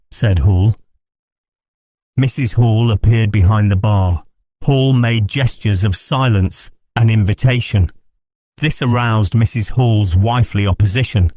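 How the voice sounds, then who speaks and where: A man narrating an audiobook in a measured, steady reading. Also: fairly low pitch, dry recording, studio quality.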